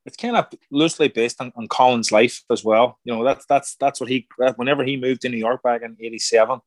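Man telling animated stories. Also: medium pitch, fairly quick, no echo. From Ireland. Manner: animated, acts out quoted voices, repeats words. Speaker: guest, former boxer turned actor. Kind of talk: casual conversational storytelling.

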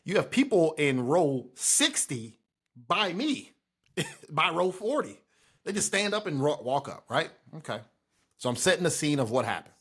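A man's voice: a little high, measured pace, slightly rough. A man co-hosting a podcast, telling a story in casual chat with slang and asides. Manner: relaxed, slangy, sets up stories with asides. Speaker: podcast co-host.

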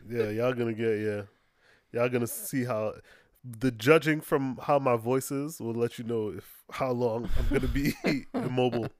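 A man's voice: mid-range voice, moderate pace, no room sound, clean studio sound. Laid-back man co-hosting a podcast. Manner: laid-back, laughs a lot, swears casually. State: injured foot, immobile. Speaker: podcast co-host. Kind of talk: casual chat.

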